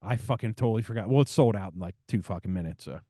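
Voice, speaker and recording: A man's voice: on the low side, quick pace, dark tone, no echo, studio quality. A middle-aged man co-hosting a casual podcast, swearing freely and gushing about records. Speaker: podcast co-host. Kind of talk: casual chat.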